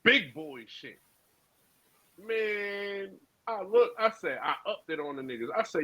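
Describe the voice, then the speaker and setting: A man co-hosting a podcast, telling a profane story in a casual, animated street style. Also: high-pitched, a little slow, no room sound. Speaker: podcast co-host. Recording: dull lo-fi sound.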